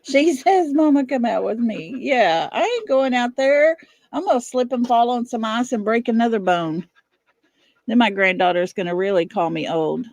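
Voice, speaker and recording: A woman in her fifties hosting a casual livestream from her home, chatting with viewers and breaking off to calm her dog. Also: on the high side, normal speed, dry recording. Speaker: livestream host. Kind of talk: casual live chat with viewers. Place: home, indoors.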